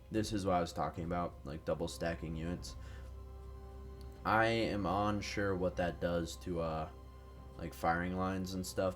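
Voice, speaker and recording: A man giving casual, rambling, profane commentary while playing a strategy game, a bit tired and fumbling for words. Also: sits low. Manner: rambling, profane, self-deprecating. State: tired, no morning caffeine. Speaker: gaming commentator.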